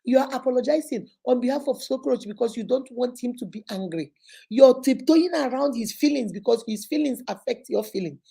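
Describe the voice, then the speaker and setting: A woman's voice: a little high, a little fast, vocal fry, warm tone, husky. Emphatic woman host. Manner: emphatic, preachy, repetitive. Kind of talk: live motivational talk.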